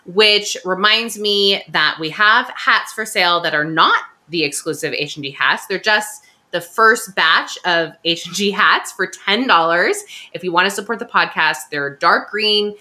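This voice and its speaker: A woman's voice: fairly low pitch, a little slow, bright, forceful tone. A woman with a Californian Valley Girl accent, co-hosting a podcast in a chatty, giggly way and filling her talk with "like". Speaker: podcast co-host. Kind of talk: casual chat and ad read.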